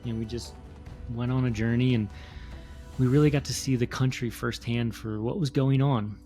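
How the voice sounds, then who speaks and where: A middle-aged man from the East Coast of the United States, co-hosting a podcast, talking in an earnest, measured way with some fillers. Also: medium pitch, steady tone, warm tone, soft background music. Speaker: podcast co-host. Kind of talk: casual reflective talk.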